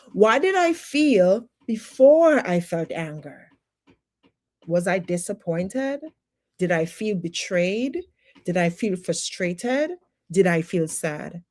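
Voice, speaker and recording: A woman's voice: mid-range voice, animated, slow. A woman teaching personal development on a livestream, emphatic and full of rhetorical questions, with faith-based encouragement.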